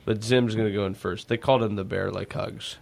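A man's voice: fairly low pitch, steady tone, gravelly. A man co-hosting a sports radio show, talking casually and pushing back hard in arguments. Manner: argumentative, quick to push back.

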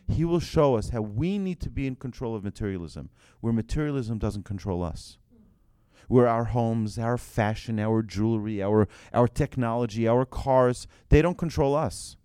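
A man giving an animated religious lesson to a group, asking rhetorical questions and telling anecdotes. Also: mid-range voice, normal speed, smooth, dry recording, clean studio sound.

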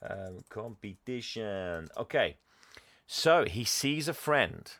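A man's voice: big pitch swings, slow, a bit bright, no room sound. A man, casually recapping a film for a co-host, laughing often and acting out lines. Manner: chuckling, acts out lines in higher voices. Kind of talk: casual chat, reading out scenes.

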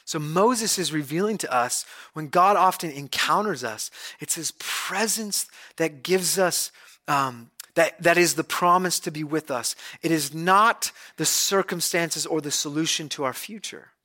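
A male pastor giving a conversational, animated sermon, retelling scripture as a story. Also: a little high, a little slow.

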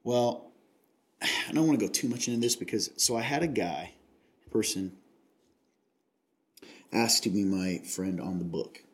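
A man's voice: on the low side, measured pace, long pauses. A man from Kentucky hosting a casual chat, earnest and confiding, rambling with many restarts.

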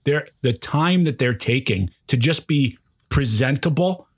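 Husky, effusive man gushing about a film. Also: medium pitch, animated, measured pace. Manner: effusive and emotional, tumbling restarts. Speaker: podcast host. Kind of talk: casual film discussion.

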